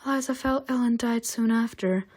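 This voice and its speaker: A woman voicing a heartbroken female angel teacher who grieves for her sister, in a soft, hushed and trembling voice. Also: a little high, steady tone, measured pace, husky. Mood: grieving.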